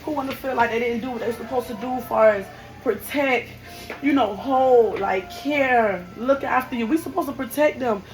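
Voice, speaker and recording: A woman's voice: fairly high pitch, normal speed, faint music behind, poor audio. A young woman who works as a hairstylist speaks in a raw, heartfelt way, her voice straining with grief. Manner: raw, heartfelt, breaking with emotion. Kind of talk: personal storytelling to camera.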